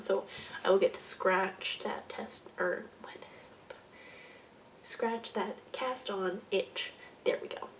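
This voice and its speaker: A young woman hosting a casual knitting podcast, rambling and correcting herself, often trailing off into soft muttered asides. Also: medium pitch, recorded from a distance, a little hiss or hum. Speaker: podcast host.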